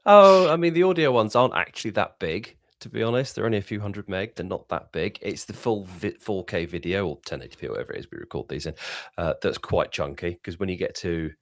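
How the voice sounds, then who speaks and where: A man's voice: sits low, expressive, fast talker, no room sound, studio quality. A British man co-hosting a podcast in chatty, joking conversation. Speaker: podcast co-host. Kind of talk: casual chat.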